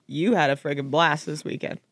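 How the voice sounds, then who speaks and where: A woman's voice: sits low, a bit bright, dry recording, studio quality. Teasing jokey young woman. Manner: teasing, quick interjections, jokey. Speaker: podcast co-host. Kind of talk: casual chat.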